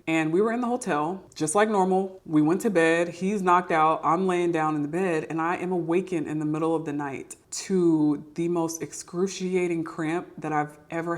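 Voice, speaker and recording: Low-voiced woman sharing testimony. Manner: earnest, confessional, with emphatic repetition. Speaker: podcast host sharing testimony. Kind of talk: personal testimony, casual and candid.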